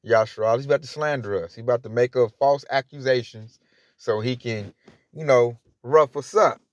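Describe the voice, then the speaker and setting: A man's voice: mid-range voice, normal speed, no room sound. A man with a Southern US accent giving a casual, slang-heavy religious talk as a Hebrew Israelite preacher. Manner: colloquial and slangy, acts out quoted voices. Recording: dull, lo-fi, dry recording.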